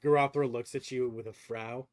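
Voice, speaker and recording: A man's voice: medium pitch, normal speed. A man narrating a tabletop game as game master, laughing often as he talks. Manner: giggly, animated, laughs often.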